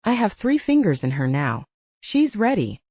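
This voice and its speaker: Raspy, commanding male lover in an audiobook, voiced by a woman; dull, dry sound. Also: mid-range voice, sing-song, moderate pace, mellow, no room sound. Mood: urgent. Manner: commanding, growling. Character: demanding adult male lover.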